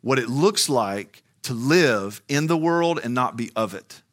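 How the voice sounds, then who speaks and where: A man's voice: medium pitch, expressive, measured pace, fairly bright tone. A man preaching a sermon, moving from a conversational tone to fiery, soaring emphasis. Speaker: pastor.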